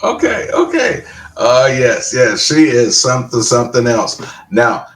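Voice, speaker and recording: A man's voice: medium pitch, huge pitch swings, a little slow, a bit bright, recorded from a distance. A man hosting a radio interview, asking lead-in questions and affirming his guest. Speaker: radio show host. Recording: roomy and away from the mic.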